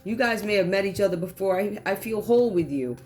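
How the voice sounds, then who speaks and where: Woman doing a chill tarot reading, slangy and animated, faint music under her, mid pitch. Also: fast. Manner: animated, slangy, acts out quoted voices. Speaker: tarot reader. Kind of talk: casual tarot reading monologue.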